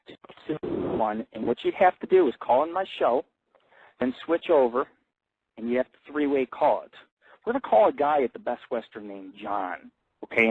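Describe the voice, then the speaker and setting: A male radio host rambling through a crude, profane live monologue, swearing constantly and jumping up in pitch when he gets excited. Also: vocal fry, husky, no echo. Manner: excitable, jumps high in pitch on emphasis. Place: hotel in a big city. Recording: tinny phone-line audio, dry.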